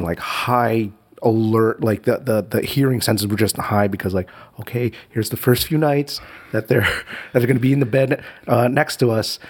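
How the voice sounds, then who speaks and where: A man's voice: on the low side, slightly rough. A man chatting casually as a father, rambling with many restarts and little laughs. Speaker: father of a young child. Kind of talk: casual chat.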